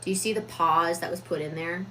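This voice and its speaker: A woman giving a reflective, casual talk on personal growth, deliberate with frequent fillers. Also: on the low side, bright, forceful tone, slight background noise, poor audio. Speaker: self-improvement vlogger.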